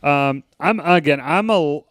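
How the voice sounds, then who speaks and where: A man's voice: a little high, unhurried, fairly bright tone, no room sound, clean studio sound. A man hosting a casual movie review podcast, talking loosely with some swearing and acting out lines from scenes. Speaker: podcast host.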